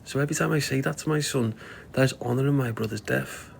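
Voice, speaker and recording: A man's voice: mid-range voice, fast talker, vocal fry, a little hiss or hum. A middle-aged man with a Scouse accent, hosting a casual livestream and giving blunt, sweary life advice to viewers. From Liverpool, England. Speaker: live stream host answering viewer comments.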